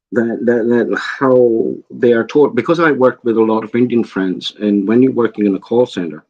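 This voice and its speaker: A man's voice: mid-range voice, a little mellow, highs cut off. A man from England with an English accent, chatting casually and telling stories, often repeating words as he starts a sentence. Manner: storytelling, repeats his words when starting. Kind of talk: casual chat.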